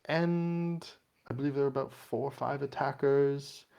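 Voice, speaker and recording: A man's voice: medium pitch, steady tone, normal speed, creaky, warm tone, smooth, voice pushed up, natural voice. A man voicing an eccentric old male shopkeeper who loves the colour purple and speaks in a genteel, haggling manner. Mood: recalling. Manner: genteel, haggling, pipe-puffing.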